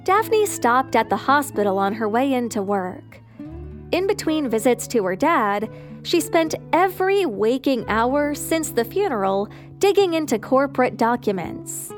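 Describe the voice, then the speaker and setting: A woman narrates a scripted drama at an unhurried, deliberate pace. Her voice sits a little high. A soft guitar track plays faintly underneath. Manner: slow, even storytelling delivery.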